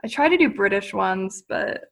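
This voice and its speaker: A woman's voice: medium pitch, animated, normal speed, vocal fry, a bit bright. A young woman guest on a podcast, chatting casually and hesitantly, with plenty of fillers. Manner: hesitant, lots of fillers, self-deprecating. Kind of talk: casual chat.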